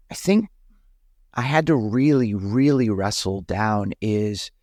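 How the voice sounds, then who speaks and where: A middle-aged man speaks in a conversational interview, his voice sitting at an ordinary middle pitch. He talks earnestly and haltingly, often restarting his phrases as he works through his thoughts. The recording is close and dry, with no room sound. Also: no room sound. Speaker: pastor, podcast guest.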